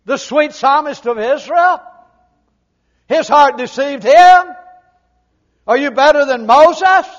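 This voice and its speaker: An older man preaching a humorous, folksy sermon, swinging from loud emphatic lines to quiet low asides. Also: slow pace, pauses often, lo-fi sound.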